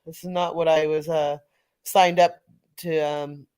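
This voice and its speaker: A woman's voice: low-pitched, clear, resonant tone, no echo. Middle-aged woman from california telling a story, lots of laughing and false starts, dry mic. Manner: animated, laughs often, halting restarts. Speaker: panel speaker. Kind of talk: casual storytelling chat.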